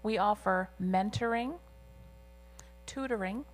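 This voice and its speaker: A woman interpreting a deaf guest's signed answers aloud in an interview, with a measured and slightly halting delivery. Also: medium pitch, faint music behind.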